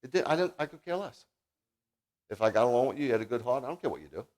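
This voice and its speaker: A man leading a Shabbat service, preaching a sermon that mixes scripture with folksy personal stories, swinging from loud declarations to quiet asides. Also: medium pitch, expressive, racing. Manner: folksy, joking, talks straight to the congregation. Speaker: congregation leader preaching.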